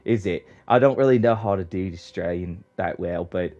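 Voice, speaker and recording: A man's voice: sits low, brisk, dark tone. A young man rambling casually as a podcast guest, swearing often and filling his talk with "like.". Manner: rambling, swears a lot, heavy use of "like". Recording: dull lo-fi audio.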